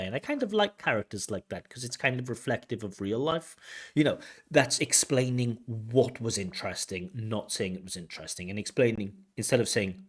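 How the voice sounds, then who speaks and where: A man's voice: lowish voice, expressive, normal speed. A middle-aged man, an IELTS examiner, explaining a candidate's mistakes in a recorded speaking test review. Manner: explanatory, breaks off to analyse replies. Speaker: IELTS examiner giving feedback.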